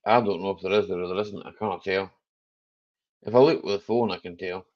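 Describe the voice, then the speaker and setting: A man's voice: sits low, steady tone, a little fast, muffled recording. A man hosting a casual live chat stream, jokey and rambling, chuckling often.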